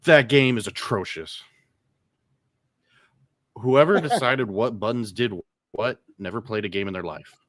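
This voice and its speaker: A man of middle pitch sits in as guest co-host on a casual show. He rambles, grumbles with frustration, and freely admits he is bad at the games he plays. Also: lively intonation, a little slow, fairly bright tone, dry recording, clean studio sound. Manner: rambling, self-deprecating, griping with frustration. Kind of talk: casual podcast chat.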